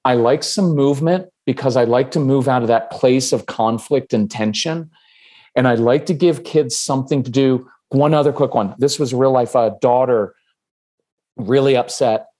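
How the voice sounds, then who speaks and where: A man speaking as a guest on a parenting podcast. His voice sits at a medium pitch, and he talks calmly and steadily while walking through practical examples. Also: moderate pace. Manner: calm, steady, gives examples with acted quotes. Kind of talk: casual podcast interview.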